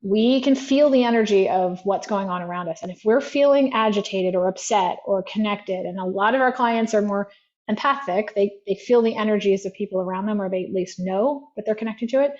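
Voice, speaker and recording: A woman's voice: medium pitch, fairly quick, a little mellow, muffled recording. A woman practitioner speaking as a guest, telling stories in an easy chatty way with many "like" fillers. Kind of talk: conversational storytelling.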